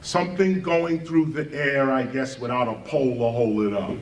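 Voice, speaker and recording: A man's voice: medium pitch, fairly even intonation, normal speed. A man giving a spoken lecture, emphatic, firing off rhetorical questions and spelling words out letter by letter. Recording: roomy, distant mic, faint background ambience.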